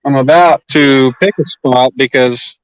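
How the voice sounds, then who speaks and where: A man chats on a casual fishing live stream in a blunt, joking, easygoing way. His voice is smooth and resonant. He holds his phone up while he drives, and the sound is dry and close. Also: mid-range voice, measured pace, no room sound, low-quality recording. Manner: laid-back, blunt, joking. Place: in a vehicle, driving. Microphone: handheld phone.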